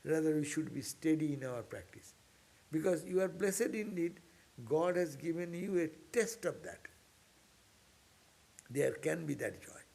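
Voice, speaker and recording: A man's voice: a little high, animated, measured pace, creaky, long pauses, a little mellow. A man, a monk, giving an informal scripture class in an earnest, exhorting way that repeats key points. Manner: earnest, repetitive, exhorting, with sudden upward bursts. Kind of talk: informal spiritual class lecture.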